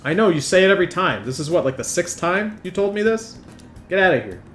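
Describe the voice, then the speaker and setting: A let's player talks over his gameplay with crude jokes and constant swearing. His high-pitched, slightly bright voice swings widely in pitch and moves quickly, with faint music behind him.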